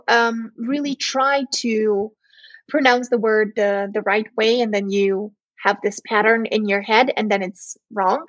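Husky Serbian-accented young woman. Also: a little high, no room sound, dull audio. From southern Serbia. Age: young adult. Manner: hesitant, many fillers and restarts. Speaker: guest. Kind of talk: casual chat.

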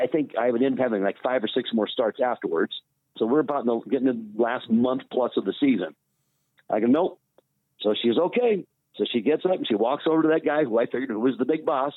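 A man, a former baseball pitcher, telling a story in casual conversation and acting out the dialogue as he goes. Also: no echo. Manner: animated retelling with quoted dialogue. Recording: tinny phone line, dry.

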